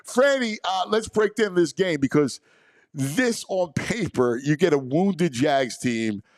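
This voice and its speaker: A man's voice: fairly high pitch, lively intonation, takes it slowly, dry recording. A man hosting a sports talk show in a studio, chatting with enthusiasm and heaping on praise.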